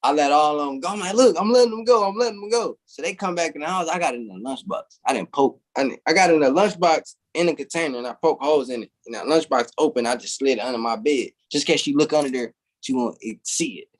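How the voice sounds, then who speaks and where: Animated slangy man telling stories. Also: a little high, fast talker, few pauses. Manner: animated, slangy, says "bro" often. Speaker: interview guest. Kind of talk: casual storytelling.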